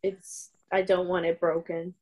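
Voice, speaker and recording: A woman's voice: lowish voice, flat delivery, a little slow, darkish tone, slight background noise. A woman taking part in a group discussion, talking in a wry, chatty way. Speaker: group participant.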